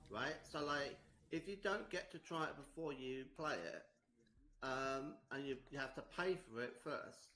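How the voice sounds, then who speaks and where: A man giving measured, explanatory commentary in a clip. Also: medium pitch, sharp tone.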